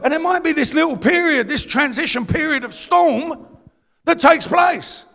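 Bursting into shouts, then dropping low and confiding, this East London man preaches a sermon in a very high, gravelly voice with a London English accent. He's animated and impassioned at a moderate pace, using down-to-earth street slang, while a large hall's long reverb trails each line.

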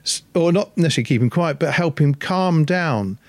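A man talks through ideas in a thoughtful, explanatory way during a casual chat. His voice is a touch high and the room sounds dry. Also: animated, a little fast, darkish tone, no echo.

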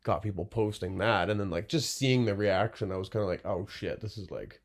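Guy, lowish voice, rambly and chill, lots of "like" and "right?". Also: brisk. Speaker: glassblower guest. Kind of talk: casual interview chat.

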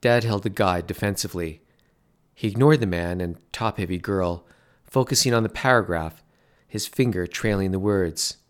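Guy with a lowish voice reading a story, dry and measured. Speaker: narrator. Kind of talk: scripted story narration.

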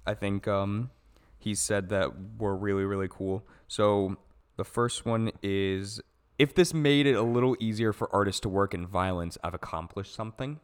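A man's voice: lowish voice, normal speed, clean tone. A man co-hosting a casual film podcast, talking with enthusiasm, swearing casually and filling his sentences with "like". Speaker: podcast co-host.

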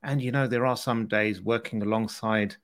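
A man's voice: lowish voice, fairly even intonation, moderate pace. A British man co-hosting a podcast, chatting casually and joking with frequent laughs. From Britain. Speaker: podcast co-host.

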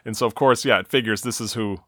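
A man's voice: fairly low pitch, steady tone, fast, fairly bright tone, dry recording, studio quality. A man co-hosting a podcast, recapping a TV episode in casual chat with a wry, chuckling manner and frequent fillers.

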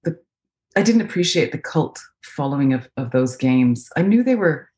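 Low-voiced North American woman, chatty. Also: very animated, moderate pace, dark tone. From Canada. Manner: chatty, thoughtful, many fillers and restarts. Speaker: voice actress guest. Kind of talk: casual interview chat. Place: home, remote video call. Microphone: video call.

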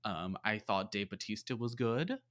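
A man's voice: fairly low pitch, expressive, normal speed, a bit bright. A man casually reviewing a movie on a podcast, rambling with lots of fillers. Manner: rambling, many fillers and likes. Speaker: podcast co-host.

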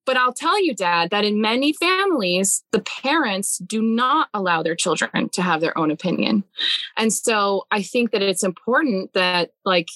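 A young adult woman hosting a casual family conversation podcast, talking in an earnest, animated way and thinking aloud with lots of "like"s. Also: medium pitch, moderate pace, no room sound. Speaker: podcast host.

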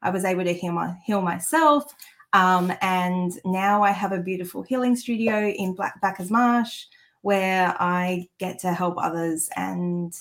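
An Australian woman, a guest on a podcast, talking in an unhurried way with many pauses and ums. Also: fairly low pitch. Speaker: guest, Reiki teacher. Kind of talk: casual podcast chat.

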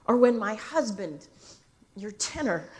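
An older woman minister giving a sermon, telling stories slowly and expressively with dramatic pauses. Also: medium pitch, sing-song, a little mellow, slight background noise.

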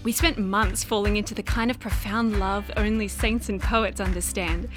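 A woman's voice: medium pitch, fairly even intonation, normal speed, over music, natural voice. A woman playing a heartbroken artist giving an earnest advert testimonial. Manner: earnest, laughing through tears.

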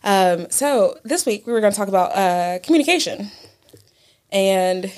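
A young woman in her twenties co-hosts a podcast and talks in a relaxed, casual way. She laughs often as she tells her stories and swears easily. Her voice sits at a middle pitch for a woman. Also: moderate pace. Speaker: podcast co-host. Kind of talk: casual chat.

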